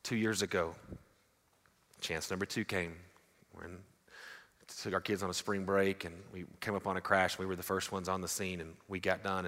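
Man, pastor preaching, low-pitched, long hall reverb. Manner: storytelling, dramatic swings from loud to hushed. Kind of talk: sermon.

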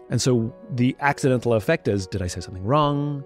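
A man talking candidly as a podcast guest, reflective and blunt, turning lively when he quotes other people. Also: mid-range voice, fast talker, few pauses, faint music behind. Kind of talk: candid conversational talk.

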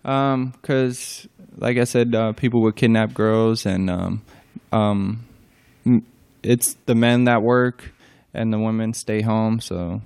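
Hesitant young man, smooth voice. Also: on the low side, fairly even intonation, a little mellow. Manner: hesitant, many pauses and fillers, brief replies. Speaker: interview guest. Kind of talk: casual interview answers.

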